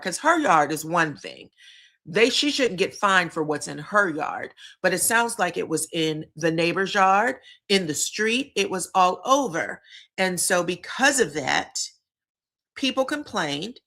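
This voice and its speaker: A woman's voice: mid-range voice, bright, forceful tone. A woman hosting a casual live-stream recap of a reality show, talking to her chat in a candid, slangy way and repeating herself for emphasis. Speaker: reality TV commentary host.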